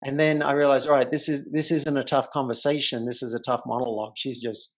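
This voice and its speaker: A man's voice: medium pitch, fast. A man, a life coach, telling a story as the guest in a casual remote interview. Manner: animated, vivid storyteller. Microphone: remote call.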